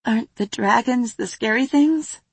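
A woman's voice: a little high, normal speed, vocal fry, breathy edge, no echo, voice pushed up. A woman voicing a curious, timid little girl full of questions. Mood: curious, anxious. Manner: eager, questioning.

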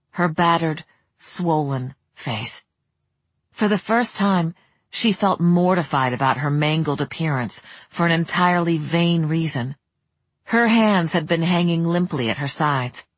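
An audiobook narrator reading a romance in a measured, even way, close to the mic. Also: mid-range voice, breathy edge, no room sound. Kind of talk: scripted narration.

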